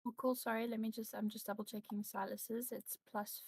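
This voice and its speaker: A woman playing in a tabletop game over a call, chatty and quick to laugh. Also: on the high side, little pitch movement, husky, no room sound. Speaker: player. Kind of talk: casual chat on a game call.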